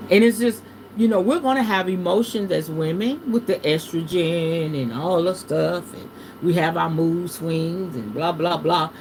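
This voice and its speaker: A woman, hosting a live tarot reading in casual spiritual chat, animated and preachy with some cursing. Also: lowish voice, measured pace, slight background noise. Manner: animated and preachy, swinging between hushed and loud; salty, uses curse words. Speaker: tarot reader hosting a livestream.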